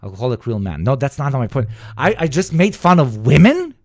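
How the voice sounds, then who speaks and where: A man streaming live, reacting to clips with profane, excitable chat that swings from mumbles to shouts. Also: medium pitch, a little fast, no room sound, clean studio sound. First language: Serbian.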